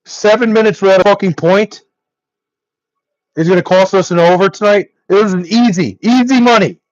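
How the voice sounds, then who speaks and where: A man's voice: high-pitched, moderate pace, no room sound, highs cut off. A young man angrily ranting on a live stream, swearing nonstop and exasperated. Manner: angry, profane ranting.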